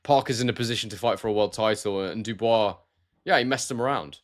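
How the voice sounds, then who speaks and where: This Scottish man speaks with a neutral southern English accent, no regional trace at all, and a fairly low voice at a fast clip. Streaming live from a warm room at home, he chats easily about boxing, reads viewer comments and addresses everyone as mate.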